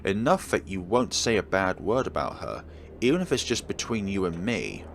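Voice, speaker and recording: A man's voice: low voice, sing-song, moderate pace, gravelly, a little hiss or hum, exaggerated voice. A man reading a visual novel aloud, voicing a secretive, teasing young woman from an occult club who talks in a cool, evasive way.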